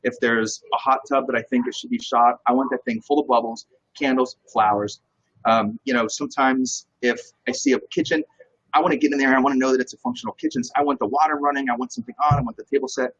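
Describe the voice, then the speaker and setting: Fast, husky man telling animated stories. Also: mid-range voice, dull audio. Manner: energetic, animated storyteller. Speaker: real estate broker, guest. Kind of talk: casual interview talk.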